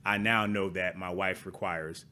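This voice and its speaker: Relaxed middle-aged man chatting. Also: sits low, measured pace. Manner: relaxed, conversational, frequent agreeing asides. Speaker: podcast co-host. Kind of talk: casual chat.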